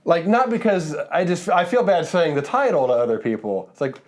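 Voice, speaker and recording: A man's voice: on the high side, brisk. Guy chatting on a podcast, voice jumps all over, rambles with lots of likes. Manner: animated storyteller, rambling with many "like"s. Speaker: guest. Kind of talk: casual chat.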